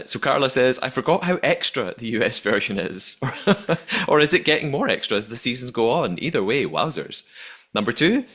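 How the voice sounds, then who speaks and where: Guy hosting a podcast, chatty, lively voice, laughs a lot. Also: lowish voice. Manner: animated, laughs often, many restarts. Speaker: podcast host. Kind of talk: casual podcast chat.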